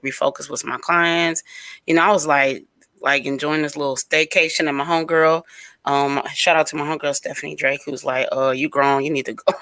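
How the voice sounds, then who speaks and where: Bright, rambling woman telling a story. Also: low-pitched, no echo. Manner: rambling, animated, heavy on fillers. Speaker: radio show regular. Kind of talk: casual storytelling chat.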